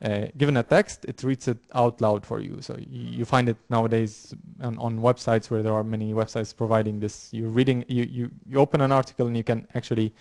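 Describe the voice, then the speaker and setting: Halting male university lecturer. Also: medium pitch, flat delivery, vocal fry, darkish tone, no room sound, clean studio sound. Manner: halting, many fillers and restarts. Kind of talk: classroom lecture. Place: lecture room.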